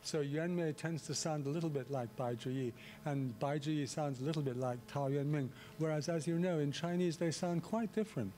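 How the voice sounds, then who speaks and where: A man delivering a public lecture in a relaxed, chatty way, often restarting his sentences and adding asides. His voice sits a little higher than usual for a man. A faint hum runs under the recording. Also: normal speed, few pauses. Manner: conversational, many restarts and asides. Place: lecture hall.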